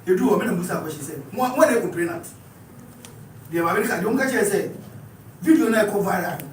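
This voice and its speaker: A man's voice: sits high, expressive, a little fast, slight background noise. A Ghanaian man giving an impassioned address at a meeting, speaking emphatically and mixing in English phrases, recorded in a room from a distant mic. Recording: echoey room, mic far off.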